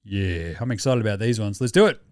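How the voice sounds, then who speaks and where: A man's voice: fairly low pitch, animated, a little fast. A young Australian man hosting a sports podcast in casual, rambling banter, swearing and laughing often. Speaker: podcast host.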